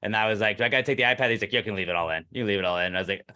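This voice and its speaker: A podcast co-host with a lowish yet bright, forceful voice tells a story at rapid-fire speed in casual chat. He rants, swears freely, and acts out what the other people said.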